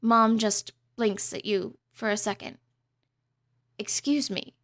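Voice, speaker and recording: A woman's voice: medium pitch, flat delivery, unhurried, fairly bright tone. A young woman playing a story game, reading the narration aloud with casual, chatty asides. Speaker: game streamer. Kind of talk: reading a visual novel aloud with commentary.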